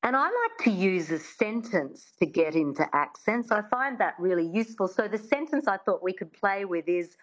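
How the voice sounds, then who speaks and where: A woman, a dialect coach explaining in an interview and demonstrating sounds slowly and precisely. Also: medium pitch, animated, lo-fi sound. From Australia. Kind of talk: conversational interview, teaching.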